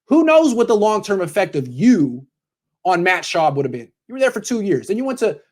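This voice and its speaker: A man's voice: high-pitched, sing-song, a little fast. A man doing sports opinion commentary, bluntly lecturing a coach directly in the second person.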